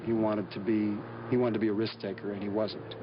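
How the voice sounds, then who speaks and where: A man being interviewed as an actor, telling stories in a relaxed, rambling way with lots of fillers and restarts. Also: lowish voice, brisk. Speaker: actor guest. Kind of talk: casual anecdotal interview talk. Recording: dull lo-fi recording with faint hiss.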